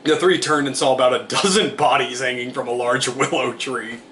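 A man's voice: mid-range voice, fairly even intonation, normal speed, a bit bright, a little hiss or hum. A man reading an absurd comic story aloud, amused and giggling through it. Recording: roomy echo.

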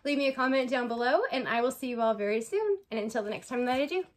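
Woman vlogger, high voice, effusive and gushing, casual unboxing talk. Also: fast talker. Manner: gushing, effusive, repeats phrases. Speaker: vlogger opening a gift package.

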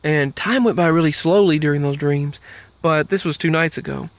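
A man's voice: on the high side, moderate pace, no room sound. A man talking casually in a rambling monologue, with lots of restarts and trailing thoughts. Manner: meandering, many fillers and restarts.

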